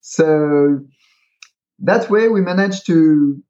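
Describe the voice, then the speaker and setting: Speaking extremely slowly in a mellow, slightly higher voice, this man hesitates, fills gaps, and restarts sentences while explaining through examples. As the guest who made a pitching card game, he chats in a casual interview captured on dull, lo-fi audio.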